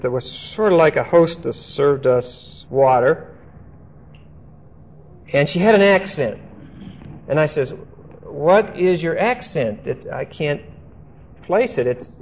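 A man's voice: on the high side, gravelly, a little mellow. Older male Bible teacher, muffled recording. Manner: conversational, frequent "okay?" check-ins, storytelling asides. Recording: dull lo-fi recording.

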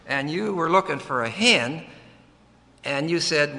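A man's voice: on the high side, sing-song, unhurried, pushed and bright. A man preaching a sermon, breaking down a Bible verse word by word, emphatic, with folksy joking asides. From United States. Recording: long reverb of a large hall.

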